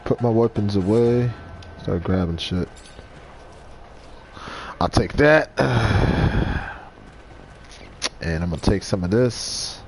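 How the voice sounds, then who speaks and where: A man's voice: on the low side, animated, slow pace, pauses often, darkish tone, soft background music. A man giving playful let's play commentary, joking and talking to his pets while he games. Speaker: game streamer.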